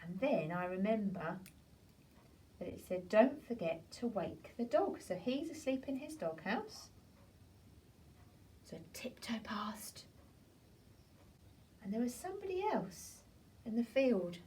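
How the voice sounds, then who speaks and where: A woman teacher, gently retelling a story to young children in a drawn-out, sing-song way. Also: on the high side, very animated, a little hiss or hum. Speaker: primary school teacher. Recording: voice from a distance off the mic.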